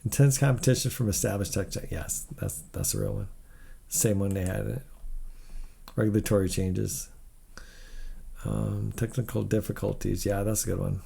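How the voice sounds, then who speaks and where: A man with a low, gravelly voice and a dark, mellow tone talks through financial numbers in a loose, rambling way. He sounds worn out and openly skeptical, giving blunt verdicts between yawns. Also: steady tone, normal speed, pauses often. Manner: blunt, skeptical, rambling asides, keeps yawning. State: tired. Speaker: tech video host. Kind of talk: casual commentary reading financial figures.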